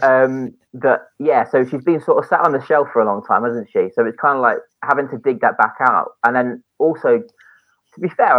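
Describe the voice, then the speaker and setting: Fast-talking rambling man. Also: mid-range voice, no room sound. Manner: rambling, many tag questions. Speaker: show regular, producer. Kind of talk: casual chat. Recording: slightly dull lo-fi sound.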